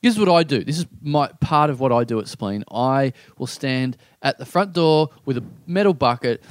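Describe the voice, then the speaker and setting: A man hosting a podcast, telling a rambling, animated story in casual chat with guests. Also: medium pitch, normal speed, no echo, clean studio sound. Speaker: podcast host and comedy night MC. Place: indoor room with co-hosts.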